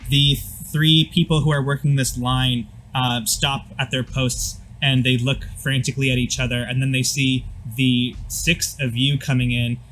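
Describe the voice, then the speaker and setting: A man's voice: mid-range voice, level tone, normal speed, few pauses, a bit bright, slight background noise, low-quality recording. A man narrating a tabletop game as game master in a loose, filler-heavy way.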